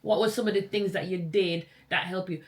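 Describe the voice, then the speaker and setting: A woman's voice: lowish voice, steady tone, fairly quick. A young woman from Jamaica with a Jamaican accent, hosting a casual podcast chat and telling stories with easy laughter. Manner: warm storytelling, laughs often. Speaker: podcast host.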